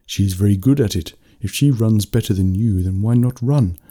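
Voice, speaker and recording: A man voicing a calm, wise mentor who encourages children, in a bedtime story. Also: fairly low pitch, moderate pace, natural voice.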